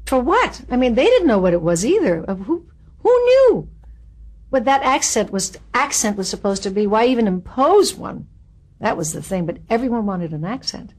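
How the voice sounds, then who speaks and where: A woman in her seventies, an actress being interviewed, recalling her career in a candid, wry way with lively asides. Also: fairly high pitch, a little fast. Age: 70s. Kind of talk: reminiscing interview.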